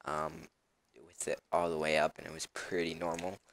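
A man's voice: rumbling low, flat delivery, moderate pace, fairly bright tone. A young man casually commenting on his own gameplay as a channel host, rambling with lots of ums and uhs.

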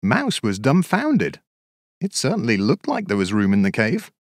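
A man narrating a children's storybook in an expressive, measured, sing-song way. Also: mid-range voice, no room sound, studio quality.

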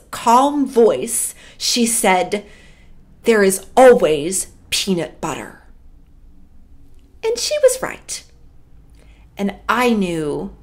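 A middle-aged woman pastor delivers a sermon and shares a personal story. She speaks slowly and warmly, like a storyteller, with a lively pitch.

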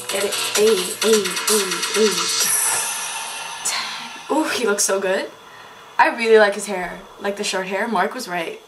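Gushing young woman over loud music. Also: mid-range voice, far from the mic, low-quality recording. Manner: excitable, gushing, swearing casually. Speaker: vlogger reacting to a dance video. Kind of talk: casual reaction vlog. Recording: loud music playing behind the voice.

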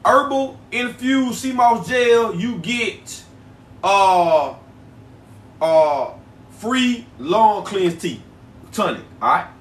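Chatty man with a high voice, echoey room. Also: expressive. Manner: loose, repetitive, chatty, drawn-out phrases. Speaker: livestream host selling herbal products. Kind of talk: casual livestream chat with viewers. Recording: echoey room, voice a bit far from mic.

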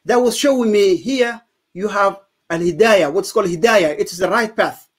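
Earnest man, slightly high. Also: moderate pace. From Somalia. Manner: earnest, emphatic storytelling. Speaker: guest giving testimony. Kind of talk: personal testimony.

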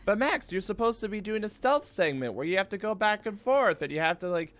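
A man streaming a video game, joking and swearing through casual gameplay commentary, breaking into sudden high-pitched outbursts. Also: sing-song, a little fast, a bit bright, soft background music.

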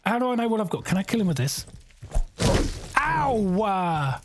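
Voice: medium pitch, expressive, fast, background noise. A game streamer gives bemused live commentary, thinking aloud and exclaiming at what happens.

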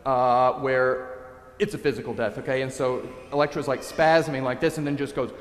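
A male priest preaching a sermon, telling a story in a lively way and acting out the quotes. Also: mid-range voice, normal speed. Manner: animated storyteller, dramatizing quotes. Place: church. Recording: echoey church, long reverb.

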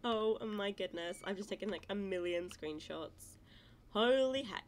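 A woman giving casual let's-play commentary, excitable and gushing, cooing over cute animals. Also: medium pitch, unhurried. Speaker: gaming channel host.

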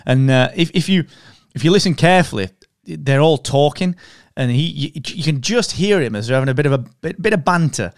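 A man's voice: a little high, lively intonation, brisk, hardly any pauses, no room sound, clean studio sound. A man co-hosting a podcast, chatting casually with friendly enthusiasm. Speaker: podcast co-host. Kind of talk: casual chat.

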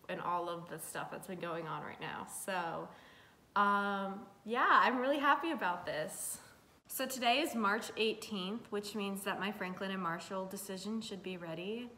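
A young woman chatting casually in a vlog, nervous and full of fillers as she opens decisions at home. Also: sharp tone. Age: young adult. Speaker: vlogger. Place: home room. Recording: echoey room with faint rumble.

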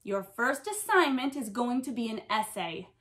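A woman voicing a stern, fearsome woman writing teacher who snarls and booms her commands, in a storybook read-aloud. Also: sing-song, moderate pace, a bit bright. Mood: demanding.

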